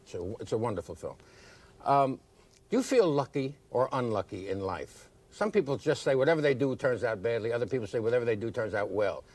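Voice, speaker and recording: A man hosting a TV interview in a studio, firing off quick probing questions. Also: medium pitch, very animated, darkish tone. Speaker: TV interviewer, host.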